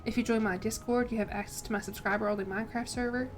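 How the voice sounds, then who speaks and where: A woman's voice: a little high, steady tone, quick pace, slight background noise. A young woman streaming a strategy game, chatting casually and thinking aloud in a self-deprecating way. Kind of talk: casual gameplay commentary.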